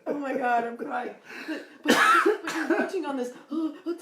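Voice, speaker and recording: A woman's voice: high-pitched, moderate pace, slight background noise. Teasing female co-host in an echoey room. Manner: teasing, laughs often, reads out viewer comments. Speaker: podcast co-host. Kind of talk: casual live-stream chat. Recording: roomy, distant mic.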